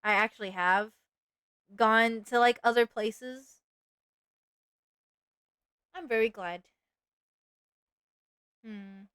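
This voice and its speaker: Chatty Texan woman with a smooth voice. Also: on the high side, very slow, long pauses, fairly bright tone, no room sound. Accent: Southern US (Texas). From East Texas. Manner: rambling, chatty, asks chat questions, laughs easily. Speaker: streamer. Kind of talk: casual chat while drawing on stream.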